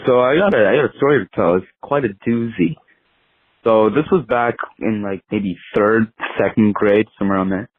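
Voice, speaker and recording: A man's voice: lowish voice, no echo, phone-quality sound. A young man telling a rambling story into a voicemail, full of filler words. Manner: rambling, lots of filler likes. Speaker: voicemail caller. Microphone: phone. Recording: phone voicemail line.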